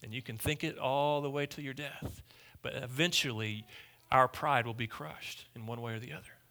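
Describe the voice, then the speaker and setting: A man preaching a sermon as pastor, emphatic and repetitive, dropping to hushed lines and then rising loud. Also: medium pitch, steady tone, moderate pace.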